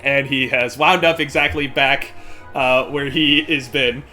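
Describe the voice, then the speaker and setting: A man's voice: mid-range voice, steady tone, sharp tone, faint music behind. A young man running a tabletop game as game master, narrating casually with frequent laughs. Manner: casual, laughing, quick asides.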